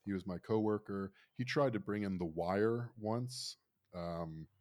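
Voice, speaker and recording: A man's voice: fairly low pitch, a little slow, a little mellow. A man in his thirties, from Florida, telling a rambling, wry story in casual chat.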